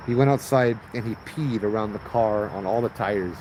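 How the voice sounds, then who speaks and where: A man's voice: fairly low pitch, fairly even intonation, normal speed, hardly any pauses, dark tone, a little hiss or hum, low-quality recording. A man with a Hawaiian Pidgin accent, from Hawaii, telling ghost stories in a loose, laughing, slangy way outdoors at night by a road. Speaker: ghost story host. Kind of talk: casual storytelling livestream.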